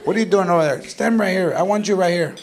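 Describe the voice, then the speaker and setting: A man's voice: high voice, quick pace, vocal fry. A man impersonating a strict, threatening Mexican mother who scolds her son, mixing in Spanish words, in a stand-up set. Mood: mocking scolding. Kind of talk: stand-up impression. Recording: live club with loud crowd. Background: loud audience laughter.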